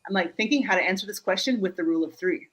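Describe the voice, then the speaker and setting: Brief: woman from Germany, lively joking coach on a video call, mid-pitched voice. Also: husky, poor audio. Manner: animated, joking, quick asides; checks in with frequent "Yeah?". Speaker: guest speaker and humor coach. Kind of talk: live online interview.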